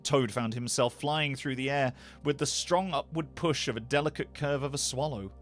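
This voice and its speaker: A male voice actor reading a bedtime story aloud, expressive and animated. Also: medium pitch, normal speed, soft background music. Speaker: voice actor, narrator.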